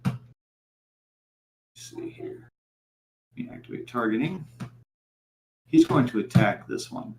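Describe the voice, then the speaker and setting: A man narrating as game master for a tabletop game, in a halting style full of fillers. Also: medium pitch, huge pitch swings, echoey room, noisy background.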